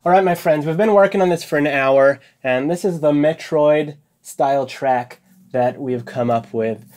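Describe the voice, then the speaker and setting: A young man talking casually as he works in his home music studio, thinking out loud about each step of composing. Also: on the high side, normal speed. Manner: relaxed, thinking aloud while composing. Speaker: music composer and video host. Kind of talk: casual studio vlog narration.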